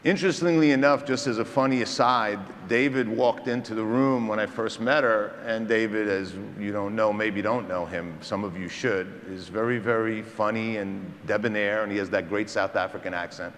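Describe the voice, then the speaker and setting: A man's voice: fairly low pitch, steady tone, moderate pace, hardly any pauses, fairly bright tone, slight background noise. A male surgeon giving a conference lecture to dentists, engaging the audience with questions and stories. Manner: engaging storyteller, quizzes the audience. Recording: reverberant hall, faint ambience.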